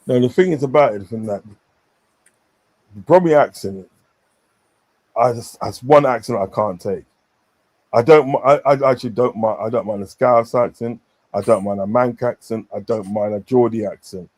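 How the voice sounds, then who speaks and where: A man's voice: mid-range voice, normal speed, long pauses, darkish tone, poor audio. A man hosting a live football stream, chatting bluntly and reading viewer comments aloud. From English Midlands. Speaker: stream host. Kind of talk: casual live stream chat.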